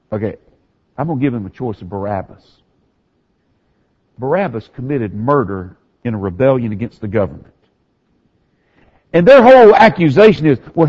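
A pastor delivering a sermon, his slightly high, husky voice rising and falling widely as he tells the story. He moves between hushed, reflective passages and raised, emphatic ones. The recording sounds muffled and lo-fi.

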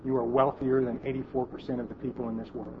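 Man, sermon storyteller, hushed at tender moments, faint room hiss behind. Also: mid-range voice, little pitch movement, quick pace, phone-quality sound. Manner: storytelling, quieting to a hush at emotional moments. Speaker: preacher. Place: auditorium.

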